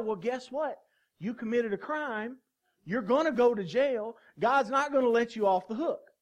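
A man's voice: very high-pitched, a little slow. A man in his thirties, a pastor preaching a sermon with call-and-response asides to the congregation.

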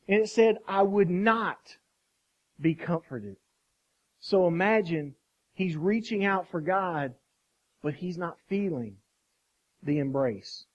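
A man preaching a sermon, swinging from hushed passages to loud outcries, asking the congregation questions and calling on people by name. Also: sits high. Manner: asks the congregation questions and calls on members by name. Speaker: pastor.

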